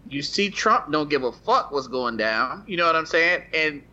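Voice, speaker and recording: A man's voice: on the high side, animated, normal speed, bright, forceful tone. A man joking in a casual group chat, swearing freely. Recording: dull lo-fi recording with faint ambience.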